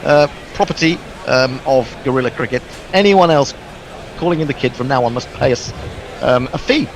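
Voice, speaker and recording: A man's voice: mid-range voice, moderate pace, a crowd in the background. Chatty man co-commentating on cricket. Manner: musing, chatty, hesitant with fillers. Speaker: co-commentator reading listener messages. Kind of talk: live sports commentary chat.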